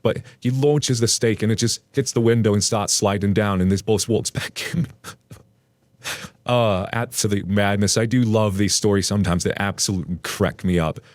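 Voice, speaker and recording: A man narrating a story aloud and then chatting casually about it, with an animated, playful storytelling manner. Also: lowish voice, moderate pace, no echo.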